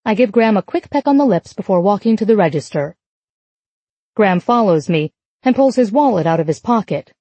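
Mellow woman reading a romance audiobook. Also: mid-range voice, animated, fairly quick, no echo. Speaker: audiobook narrator. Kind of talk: first-person romance narration.

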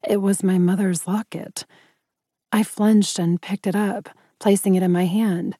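A woman narrating first-person fiction in an audiobook, steady and even. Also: mid-range voice, measured pace, husky, dry recording, clean studio sound.

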